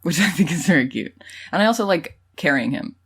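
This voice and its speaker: A woman's voice: deep voice, lively intonation, fairly quick, breathy edge. A young adult woman co-hosting a podcast, telling personal stories in casual chat, with many ums and laughs. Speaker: podcast co-host.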